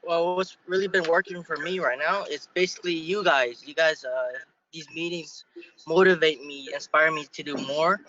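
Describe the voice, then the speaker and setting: A man's voice: a little high, moderate pace, pushed and bright. A young man speaking earnestly on a team call about what motivates him. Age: young adult. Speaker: salesperson being promoted. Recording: dull lo-fi call audio.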